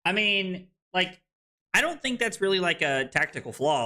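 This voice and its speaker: A man's voice: high voice, sing-song, moderate pace, pushed and bright. A man casually commentating his own card game on a live stream, frustrated and swearing, with hiccups and something stuck in his throat.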